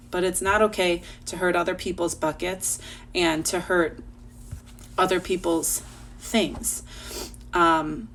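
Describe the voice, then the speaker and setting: Gentle teacher talking slowly to young children. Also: female voice, lowish voice, slight background noise. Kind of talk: reading aloud and talking to children. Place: home.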